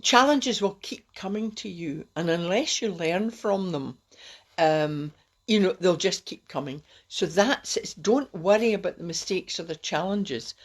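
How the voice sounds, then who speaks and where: Lady rambling through pep-talk tips on a live stream, kinda low voice. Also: animated, unhurried. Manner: chatty, rambling, encouraging. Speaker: host.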